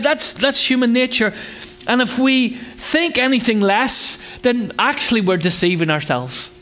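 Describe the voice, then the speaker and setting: A pastor delivers a friendly, conversational sermon with a notably high voice. He jokes, asks the congregation questions, and slips into childlike voices for little acted scenes. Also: fairly bright tone. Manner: acts out children's voices in a higher pitch.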